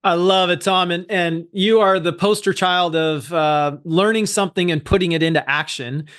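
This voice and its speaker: Enthusiastic high-voiced man hosting. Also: steady tone, normal speed, fairly bright tone, clean tone. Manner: enthusiastic, encouraging. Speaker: meeting host. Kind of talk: casual chat.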